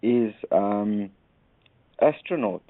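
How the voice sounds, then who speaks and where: A man calling in to a radio chat, soft-spoken, agreeable and earnest. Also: fairly low pitch, lively intonation, very slow, no echo. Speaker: caller. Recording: dry tinny phone-like line.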